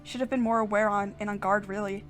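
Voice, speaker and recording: A woman's voice: mid-range voice, fairly even intonation, fast, faint music behind. A woman hosting a game playthrough, reading the narration aloud with giggly, casual asides. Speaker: let's play host.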